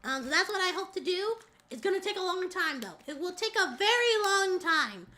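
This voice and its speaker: A woman's voice: very high voice, big pitch swings, moderate pace, pushed and bright, a little hiss or hum. A woman from the Southern United States, a VTuber streamer chatting casually in a slightly nasal, rambling, laugh-prone way. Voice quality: a little nasal. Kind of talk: casual chat.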